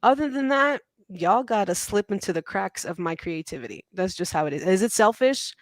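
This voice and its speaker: A woman in her forties talks with lively, self-mocking warmth as an interview guest, laughing often. Her voice sits in a middle range and sounds dry and close, as if on a video call. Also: mid-range voice, normal speed, dry recording. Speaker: podcast guest, teacher and mom. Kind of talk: casual interview chat.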